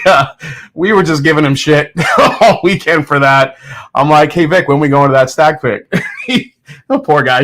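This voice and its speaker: A man's voice: medium pitch, a bit bright. A man hosting his own show, chatting casually and rambling through a story with restarts and laughs, at home. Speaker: host. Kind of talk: casual chat.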